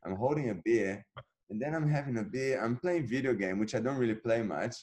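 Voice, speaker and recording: A man in his thirties, a guest on an interview, telling his story casually and acting out past conversations with lively energy. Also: medium pitch, fairly quick. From Brazil. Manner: animated, acts out his own past dialogue. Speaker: interview guest, jiu-jitsu black belt.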